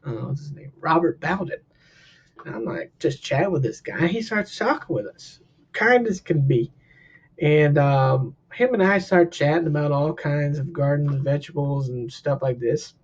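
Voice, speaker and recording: A man, a counselor, telling a personal story in a casual, animated way, jumping up in pitch when he acts out what people said. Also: moderate pace, slightly rough. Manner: animated, acts out quotes with big pitch jumps. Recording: dull lo-fi recording.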